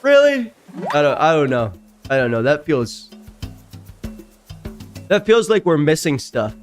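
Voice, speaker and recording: A man's voice: animated, measured pace, soft background music. Chatty man streamer reading stories. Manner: chatty, reacts loudly and jumps high in pitch. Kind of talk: reading online stories aloud with casual reactions.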